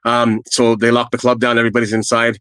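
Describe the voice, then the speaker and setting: A man's voice: medium pitch, monotone, fast, fairly bright tone, smooth, no room sound, poor audio. Earnest man, dry close sound. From Canada. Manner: earnest, rambling anecdotes with fillers. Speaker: storyteller guest. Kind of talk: casual first-person storytelling.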